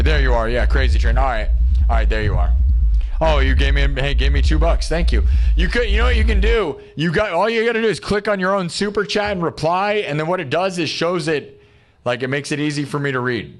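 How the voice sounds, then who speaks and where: A man hosting a live music stream, chatting casually with viewers in an upbeat, rambling way, thinking aloud and restarting his sentences. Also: mid-range voice. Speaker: livestream musician host.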